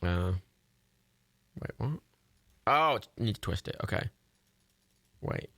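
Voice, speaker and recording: Gravelly, lively young man streaming. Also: on the low side, slow pace, no echo. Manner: chatty and easily confused, laughs often, swears. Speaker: livestreamer playing a building game. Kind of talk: casual gameplay chat.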